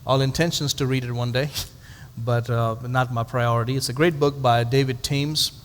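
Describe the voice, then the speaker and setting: A man's voice: mid-range voice, fairly even intonation, normal speed. Man teaching in a reverberant hall. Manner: conversational, rhetorical questions to the audience, dry humorous asides. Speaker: pastor. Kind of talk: Bible study teaching.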